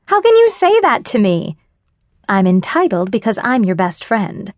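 Casting: female narrator doing a bold, teasing best friend, unhurried, dry studio sound. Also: mid-range voice, animated, a little mellow, no echo. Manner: teasing, forward. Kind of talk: audiobook character voice.

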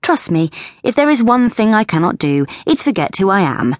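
A woman voicing a spirited young airship pilot who talks briskly and impatiently, in an audiobook. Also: medium pitch, very animated, no echo, studio quality, voice pushed up, lightly acted. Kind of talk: audiobook character voice.

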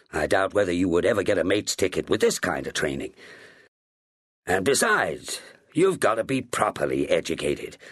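A man's voice: low voice, dry recording, studio quality. A man voicing a firm, earnest middle-aged ship's master speaking as a fatherly uncle.

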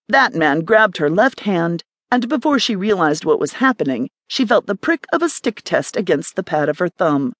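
Audiobook narrator: woman, lower voice, very animated reading, close dry studio sound. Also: normal speed, hardly any pauses, no room sound. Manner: expressive, lively reading. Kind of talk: scripted narration of a romance thriller.

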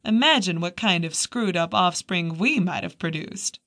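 A woman's voice: lowish voice, expressive, moderate pace, a bit bright. A woman narrating an audiobook, voicing the first-person heroine, a wry woman who trades dry, teasing banter with a friend.

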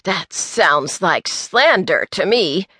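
A cranky older man who scolds everyone in a gruff, accusing tone, as a woman narrator puts him on. His voice is bright and forceful, recorded close and dry for an audiobook. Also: on the low side, expressive, slow, no echo, full character voice. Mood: indignant. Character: cranky older male busybody.

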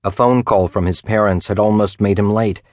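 A man narrates a suspense audiobook in a low voice. His reading is measured and even. The sound is close and dry, with no room sound at all. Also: no room sound. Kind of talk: scripted narration.

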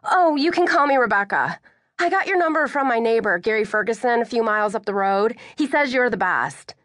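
A woman voicing an anxious, tearful horse owner who speaks in a shaky, rushed way. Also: fairly high pitch, animated, fairly bright tone, no room sound, clean studio sound, pitched above the performer's own voice. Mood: pleading.

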